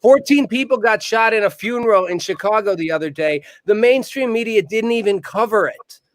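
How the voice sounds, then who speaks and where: A man hosting a live call-in talk show, brisk and joking, asking guests pointed questions. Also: sits high, dry recording. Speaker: host.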